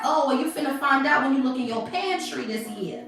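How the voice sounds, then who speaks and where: Profane, combative high-voiced woman in an echoey room. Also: a little fast, fairly bright tone. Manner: profane, confrontational, scolding viewers. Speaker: tarot reader. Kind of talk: livestream tarot reading and rant. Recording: very echoey room, voice from a distance, faint music.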